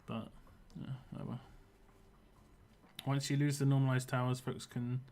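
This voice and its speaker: Casting note: male game streamer, West London accent, mid-pitched, rambling and chatty with viewers. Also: little pitch movement, moderate pace, gravelly, darkish tone. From England. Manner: chatty and rambling, answers chat as he plays. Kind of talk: casual livestream chat while playing.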